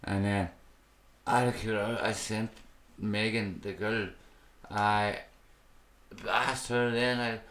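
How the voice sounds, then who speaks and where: A man's voice: lowish voice, level tone, takes it slowly, a bit bright. An Irish man telling his own story as a podcast guest, raw and emotional and swearing constantly. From Ireland. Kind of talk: candid personal storytelling. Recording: echoey room.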